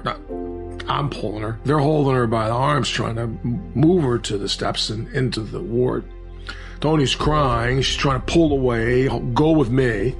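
A man recounting a personal story in an earnest, halting way, with frequent restarts. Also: mid-range voice, gravelly.

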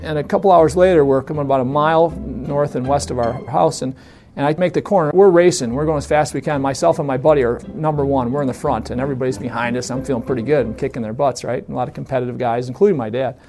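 A man telling a funny story from his youth in a casual, animated way, laughing often and acting out the voices of others. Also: medium pitch, fast talker, soft background music. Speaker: storyteller guest. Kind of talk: casual anecdote.

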